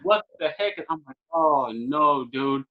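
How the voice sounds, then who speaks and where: This young Californian podcast guest takes his time, his voice on the high side, as he spins a long comic tale with animated, casual energy. "Man" and "or what have you" crop up constantly, and the recording is dull and lo-fi.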